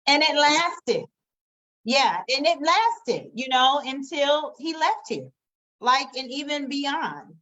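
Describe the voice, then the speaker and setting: High-voiced host on dull lo-fi audio. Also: female voice, sing-song, slow, fairly bright tone. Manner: supportive, brief backchannel remarks. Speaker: podcast host. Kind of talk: casual interview chat.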